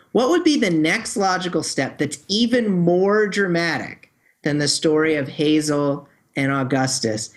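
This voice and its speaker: A man hosting a book review podcast, chatting casually and joking, with relaxed restarts. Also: fairly high pitch. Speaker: podcast host.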